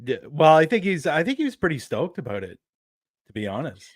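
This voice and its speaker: A man's voice: on the high side, sing-song, brisk, no room sound, clean studio sound. A man hosting a podcast in casual chat, loose and chatty, often laughing. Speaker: podcast host.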